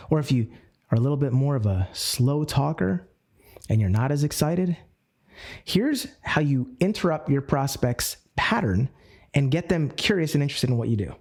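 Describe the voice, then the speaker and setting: A man leading a live group coaching session, energetic and animated, acting out phone calls and shifting his speed and tone as he teaches. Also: fairly high pitch. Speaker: network marketing coach.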